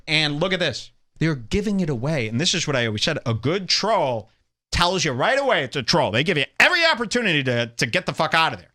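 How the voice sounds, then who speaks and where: A young man hosting a podcast, ranting sarcastically over clips and mocking people in high put-on voices. He is from Illinois. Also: expressive, fairly quick, bright, forceful tone. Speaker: podcast host.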